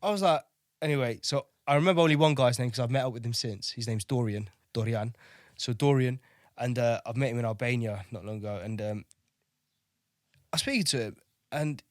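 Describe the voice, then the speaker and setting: A man in his thirties from Kosovo swaps service stories on a podcast, loose and chatty, with swearing and stumbles. His voice sits at an ordinary middle pitch and sounds dry and close. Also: brisk, no echo. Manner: chatty, swears freely, repeats words while telling stories. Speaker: podcast guest, navy veteran. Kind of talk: casual interview storytelling.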